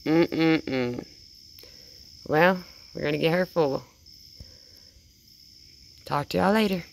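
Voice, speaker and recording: A woman talking casually and cooing praise in a soft, baby-talk tone, outdoors at night. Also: deep voice, slow pace, vocal fry, a little hiss or hum. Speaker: vlogger. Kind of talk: casual talk to a wild animal.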